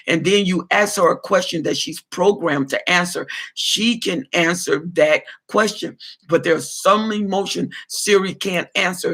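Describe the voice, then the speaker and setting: A man's voice: fairly high pitch, gravelly, fairly bright tone. A man, a pastor, answering viewer comments on a livestream in a preachy way, repeating phrases for emphasis.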